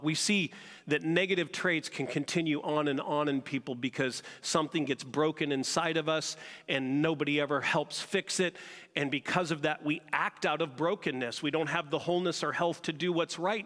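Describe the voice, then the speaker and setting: A man's voice: a little high, a little fast, a bit bright, in a large hall. A man preaching a sermon as pastor, talking conversationally and asking the congregation questions. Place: church sanctuary.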